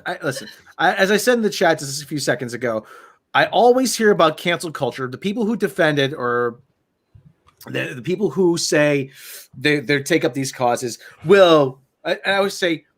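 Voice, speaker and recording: A man's voice: fairly high pitch, normal speed. An American man from the United States co-hosting a roundtable review, talking animatedly with frequent restarts. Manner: animated, rambling, restarts often. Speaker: co-host.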